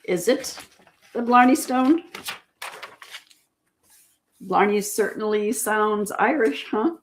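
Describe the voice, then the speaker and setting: A woman's voice: medium pitch, takes it slowly, slight background noise. A woman hosting a casual livestream trivia chat, patiently repeating each question and reading out viewers' answers. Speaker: livestream host.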